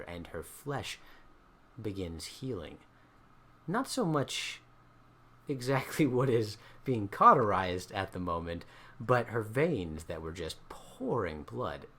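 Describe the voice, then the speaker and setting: A man running a tabletop game as dungeon master, narrating with animated swings between hushed and loud delivery. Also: low voice.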